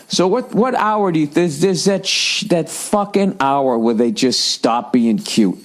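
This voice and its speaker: A man's voice: high-pitched, lively intonation, moderate pace. A man in his forties hosting a solo podcast, ranting in a rambling, profane way and mocking people with put-on voices. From United States. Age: 40s. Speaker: podcast host.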